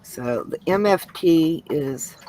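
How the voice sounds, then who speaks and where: Woman from Georgia, craft-stream co-host reading the chat: unhurried, laid-back delivery. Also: low voice, a little hiss or hum, poor audio. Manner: relaxed, reads out comments. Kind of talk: reading viewer comments aloud.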